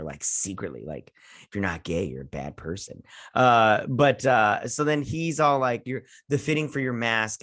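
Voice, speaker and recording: A man reviews a TV episode in a loose, rambling recap, full of sarcasm and throwaway asides. His pitch swings widely and animatedly from phrase to phrase. The recording is dry and close, with no room sound. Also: a bit bright, no echo. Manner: rambling, sarcastic, paraphrases characters with "and everything". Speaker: show reviewer.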